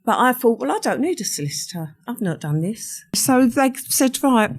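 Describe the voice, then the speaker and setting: A woman's voice: a little high, big pitch swings, moderate pace, slightly rough. An older woman, a podcast guest recounting a personal story in conversation and acting out what others said. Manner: vivid storyteller who acts out what others said.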